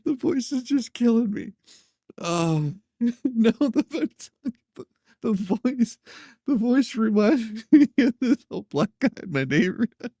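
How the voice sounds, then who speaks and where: A man's voice: very high-pitched, lively intonation, slow pace, warm tone, no echo, clean studio sound. A man hosting a casual news commentary show, laughing often and teasing the stories he reacts to. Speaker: host.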